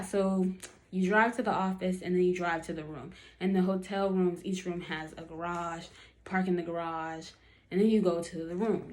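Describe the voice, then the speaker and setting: A woman's voice: fairly low pitch, a little mellow. A young woman chatting to camera, telling a dating story with lots of fillers and acted-out quotes.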